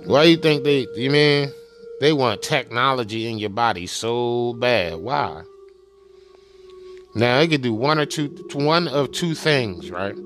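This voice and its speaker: A man's voice: medium pitch, unhurried, fairly bright tone. A man talking loosely and profanely in a rambling casual monologue, full of fillers and repeated asides. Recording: music playing behind the voice.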